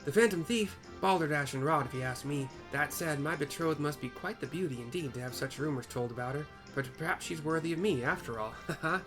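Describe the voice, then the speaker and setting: A man's voice: on the high side, a little fast, hardly any pauses, music in the background, voice pushed up, close to an everyday voice. A man voicing a pompous, boastful older male merchant with a jovial, blustering manner.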